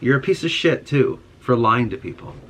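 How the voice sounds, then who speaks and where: A man's voice: medium pitch, animated, normal speed, fairly bright tone, slightly rough. A young man in a casual monologue, ranting with frustration and heavy swearing. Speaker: podcast host.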